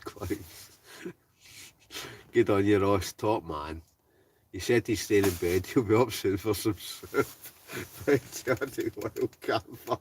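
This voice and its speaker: Scottish man, lowish voice, chatty livestream host reading the chat aloud; sits back from the mic with faint background noise. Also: far from the mic. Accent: Scottish, Ayrshire. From Scotland. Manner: chatty, laughs often, reads out viewer names. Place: inside a heated tent in the snow.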